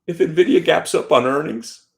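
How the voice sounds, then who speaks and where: A man's voice: on the high side, normal speed, creaky. A middle-aged man hosting a stock trading show, giving casual, joking market commentary with mock-emotional outbursts and stumbling repeats.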